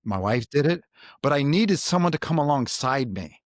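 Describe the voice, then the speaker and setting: A man's voice: medium pitch, lively intonation, moderate pace, no echo, clean studio sound. A middle-aged man hosting a podcast, giving earnest parenting advice in casual chat and telling stories with quoted voices. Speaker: podcast host.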